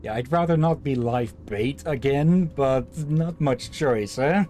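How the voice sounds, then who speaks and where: Unhurried man reacting to his game. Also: medium pitch, warm tone, slight background noise. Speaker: streamer. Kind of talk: casual gaming stream chat.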